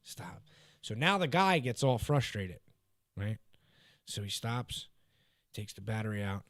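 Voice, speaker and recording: A man's voice: fairly low pitch, big pitch swings, measured pace, no echo. Profane storytelling man, dry mic. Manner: profane storytelling, loud bursts when impersonating coworkers. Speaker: podcast host. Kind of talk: casual podcast chat. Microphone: studio podcast mic.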